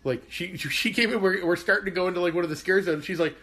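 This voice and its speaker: A man's voice: sits high, fast, bright, forceful tone. A man talking and joking in casual chat among friends.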